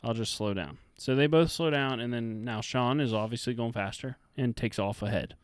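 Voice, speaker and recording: A man's voice: mid-range voice, normal speed, clear, resonant tone, dry recording. A man co-hosting a podcast, chatting casually through a film scene and acting out the characters' lines. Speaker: podcast co-host. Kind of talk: casual film breakdown chat.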